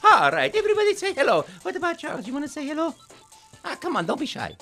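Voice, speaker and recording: A man's voice: very high-pitched, wildly swooping pitch, fast, creaky, sharp tone, soft background music, pitched above the performer's own voice, full character voice. A man voicing a cheerful, bouncy cartoon plumber hero in a bubbly, squealing manner. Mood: gleeful.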